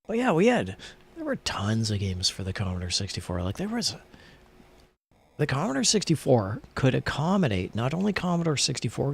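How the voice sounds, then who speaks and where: A man's voice: mid-range voice, sing-song, moderate pace, gravelly, breathy edge. A tired man streaming a game, rambling chattily about old computer games while he plays. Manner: rambling, chatty, thinking aloud while playing. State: tired, yawning. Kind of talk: casual gameplay commentary.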